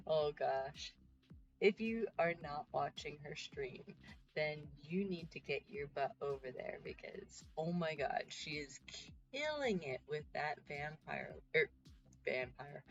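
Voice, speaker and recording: Slow-talking woman chatting on a stream. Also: low-pitched, animated, fairly bright tone, dull audio. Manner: chatty, giggly, self-mocking. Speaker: livestreamer. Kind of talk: casual livestream chat while body painting. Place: home.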